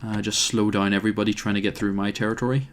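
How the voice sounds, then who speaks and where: A man's voice: fairly low pitch, level tone, fast talker, a little hiss or hum. A man commentating his own strategy game, thinking aloud with plenty of hesitations and wry asides. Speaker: let's play host.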